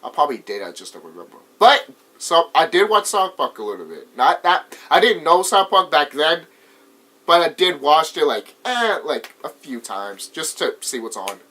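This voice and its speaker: A young man with an American accent talks through a movie review in a loose, rambling way. His voice is bright and edgy, sits a bit high, and swings up and down a lot as he gets worked up. He laughs often and swears freely. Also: very animated, moderate pace. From United States. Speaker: vlogger. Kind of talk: casual movie review vlog.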